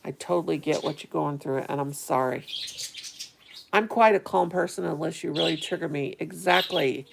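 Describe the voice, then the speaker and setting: A woman's voice: sits low, moderate pace, creaky, slight background noise. A middle-aged woman, rambling casually to her live-stream viewers and answering their chat. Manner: rambling, chatty, talks to viewers. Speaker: vlogger reading live chat.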